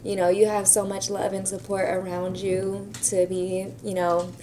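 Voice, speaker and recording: Woman, bride's sister, tender and emotional, mellow dark tone, faint hum. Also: mid-range voice, completely flat delivery, normal speed. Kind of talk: heartfelt personal message.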